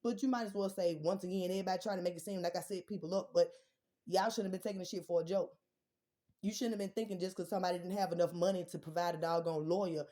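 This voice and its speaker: A young woman ranting bluntly and defiantly about her family and her kids, swearing often. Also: medium pitch. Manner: profane, blunt, defiant, rising to shouts. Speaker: vlogger. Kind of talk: heated personal rant.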